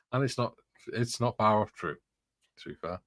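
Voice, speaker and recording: A man's voice: fairly low pitch, unhurried, fairly bright tone, no room sound. A man hosting a casual chat, reading out comments and telling rambling stories, laughing often. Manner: chatty, rambling anecdotes with frequent laughs. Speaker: host reading viewer comments.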